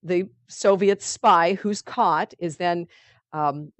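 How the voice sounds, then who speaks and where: A woman with a lowish voice leads a spiritual study group at a slow pace, with no room sound. She reads passages aloud, then discusses them in a loose, chatty way full of fillers.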